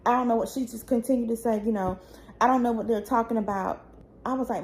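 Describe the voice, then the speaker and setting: A woman's voice: fairly high pitch, quick pace, creaky. A young woman, telling her own painful family story in a raw, tearful, pleading way that rises when she gets upset. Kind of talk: emotional personal storytelling.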